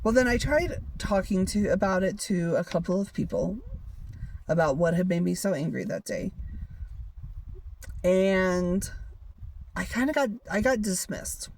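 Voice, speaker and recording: Chatty woman with a gravelly lively voice. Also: fairly low pitch, a little slow, pauses often, distant mic. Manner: rambling, many fillers like "you know" and "like", laughs often. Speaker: hiker vlogger. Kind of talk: casual storytelling monologue.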